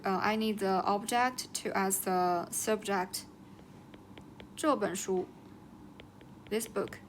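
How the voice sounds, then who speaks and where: A woman teacher talks very slowly and patiently and says each new word twice. Her voice sits at a middle pitch. A faint hiss of noise stays behind her the whole time. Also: a bit bright. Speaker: Chinese language teacher. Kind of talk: slow teaching explanation, repeating words.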